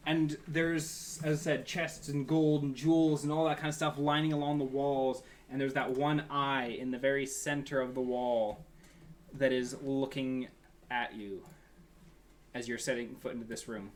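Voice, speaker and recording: A man in the game master's seat, describing the scene in an unhurried, everyday way. He stops and restarts often, padding his lines with fillers. There is a faint hiss under the recording. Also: mid-range voice, level tone. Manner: casual, hesitant narration with fillers and restarts. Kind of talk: narrating a tabletop game.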